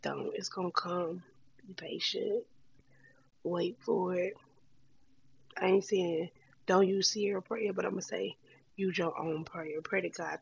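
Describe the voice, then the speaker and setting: Her lowish voice comes across creaky and a touch rough over lo-fi sound. She's a vlogger chatting openly with viewers, warm and encouraging, peppering her casual heartfelt talk with slang.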